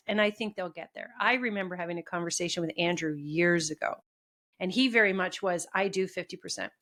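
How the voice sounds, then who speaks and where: A woman in her thirties co-hosting a podcast, chatting casually and animatedly, laughing as she tells stories. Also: fairly low pitch. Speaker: podcast co-host. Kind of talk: casual chat.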